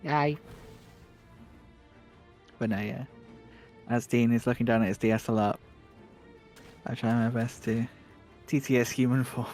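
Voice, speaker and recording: A man keeping a livestream going as moderator, rambling and joking to the viewers while the player concentrates. His voice sits at an ordinary middle pitch. Soft music plays underneath him. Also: steady tone, unhurried, pauses often. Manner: chatty, joking, rambling with many restarts. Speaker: stream moderator co-hosting a speedrun stream. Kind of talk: casual stream chat, talking to viewers.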